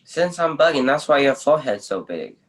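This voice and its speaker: A man's voice: medium pitch, big pitch swings, brisk, poor audio. A teen boy playing laid-back slangy Jamal. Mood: joking. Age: teens. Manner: casual slangy street talk. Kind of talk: improvised stage acting.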